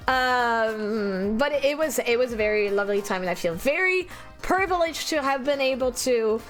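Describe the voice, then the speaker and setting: A woman's voice: high-pitched, animated, moderate pace, fairly bright tone, faint music behind. A young adult woman streaming and chatting casually, rambling and giggling often while teary and emotional. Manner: giggly, rambling, self-deprecating.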